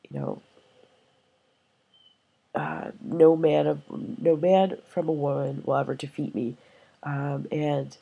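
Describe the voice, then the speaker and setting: A woman teacher in a recorded literature lesson, talking through verse line by line in plain words, with frequent fillers. Her voice is dark and mellow, with a strong gravelly fry and a very husky, breathy grain. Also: a bass voice.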